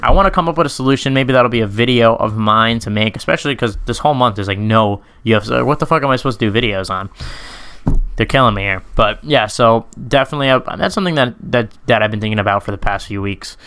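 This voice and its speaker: Bright-voiced, rambling, profane man. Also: medium pitch, fast, clear, resonant tone. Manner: rambling, profane, frequent fillers and self-corrections. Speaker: YouTube MMA commentator. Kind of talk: casual unscripted Q&A monologue.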